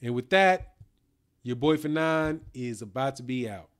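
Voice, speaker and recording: A man's voice: medium pitch, expressive, unhurried, smooth. A man hosting a casual live stream, talking loosely in slang, reading out viewer comments and a little tipsy from whiskey.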